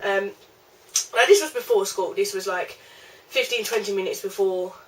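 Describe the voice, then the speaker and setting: A woman's voice: medium pitch, moderate pace, recorded from a distance, slight background noise, low-quality recording. A young woman telling a rambling storytime vlog, chatty, with lots of fillers. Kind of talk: casual storytime.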